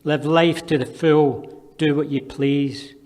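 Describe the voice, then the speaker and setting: Scottish poet, man, fairly high voice, dry wit, live reading in a reverberant hall. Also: fairly even intonation, slow, darkish tone. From Scotland. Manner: dry, wry asides between poems. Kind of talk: poetry reading. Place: performance venue with long reverb.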